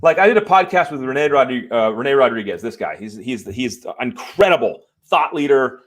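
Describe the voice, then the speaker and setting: A man's voice: mid-range voice, fairly quick. Fired-up man hosting a live stream. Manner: fired up and emphatic; animated, swears and apologizes. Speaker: live show host. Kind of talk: live-stream talk to viewers. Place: home room.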